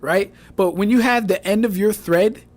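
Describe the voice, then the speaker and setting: A young male streamer with a high voice reviews fan debates at normal speed, his livestream commentary loose and profane. Mocking disbelief colors how he dissects what he reads, and he repeats himself for effect between bursts of laughter.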